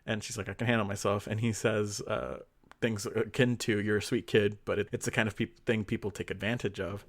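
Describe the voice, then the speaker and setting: Co-hosting a podcast, a man rambles through a fanfic plot in casual conversation, full of fillers and quoted lines. His voice sits on the low side, with fairly even intonation and a moderate pace.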